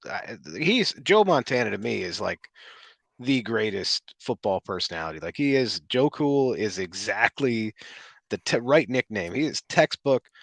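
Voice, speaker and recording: A man's voice: medium pitch, very animated, unhurried, vocal fry, fairly bright tone, no echo. A man co-hosting a sports talk show, speaking casually with hesitant restarts. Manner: hesitant, many fillers and restarts. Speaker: podcast co-host.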